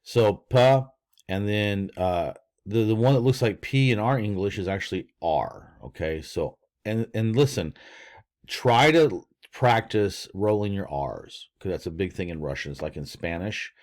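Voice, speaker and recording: An older man with a lowish, somewhat dark voice gives a casual language lesson over screen share. He rambles, using plenty of fillers and frequently restarting his sentences.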